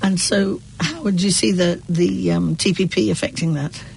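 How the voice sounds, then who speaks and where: A woman hosts a radio interview with a hoarse, croaky voice. Her voice is gravelly and husky, and she speaks casually, hesitating with ums between thoughts. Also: lowish voice, steady tone, moderate pace, darkish tone, low-quality recording. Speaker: radio host.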